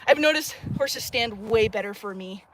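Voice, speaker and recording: A woman's voice: on the high side, lively intonation, moderate pace, noisy background. A woman working as a farrier, explaining her craft in plain casual talk and laughing easily. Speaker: farrier guest.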